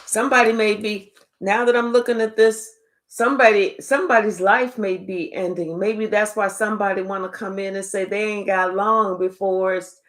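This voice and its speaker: A woman's voice: mid-range voice, fairly even intonation, moderate pace. A woman giving a tarot reading, talking in a blunt, profane and emphatic way, full of rhetorical questions. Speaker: tarot reader. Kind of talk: spiritual reading monologue.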